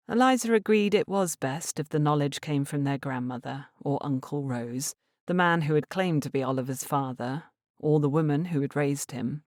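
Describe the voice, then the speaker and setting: A woman narrating a romance novel in a measured, expressive way. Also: sits low, dry recording, studio quality. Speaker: audiobook narrator. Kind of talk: scripted narration.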